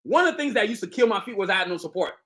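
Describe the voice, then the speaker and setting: A man's voice: high-pitched, expressive, rapid-fire, bright, forceful tone. A middle-aged man hosting a casual live stream, talking up his own sneaker line with boastful street slang and constant direct talk to viewers. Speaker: sneaker designer and channel host.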